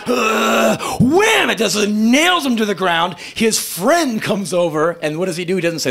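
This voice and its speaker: A man in his fifties telling a profane, animated story as a spoken word performer, breaking into loud shouts. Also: high-pitched, normal speed, creaky, hardly any pauses. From United States. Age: 50s.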